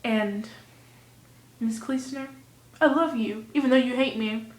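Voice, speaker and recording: A teenage girl vlogging casually, rambling in a goofy way and swinging between mumbles and loud outbursts, recorded on a phone or webcam at home. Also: fairly high pitch, measured pace. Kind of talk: casual vlog rant. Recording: echoey room.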